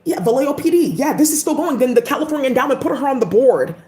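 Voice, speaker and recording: A woman's voice: high voice, animated, quick pace, warm tone. A woman vlogger giving a casual, emphatic rant full of profanity. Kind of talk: casual ranting commentary. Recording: echoey room.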